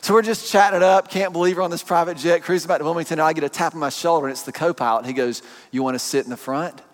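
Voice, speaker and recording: A man preaching a sermon, telling a personal story in an animated, joking way to his congregation. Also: on the high side, very fast. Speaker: pastor. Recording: long hall reverb.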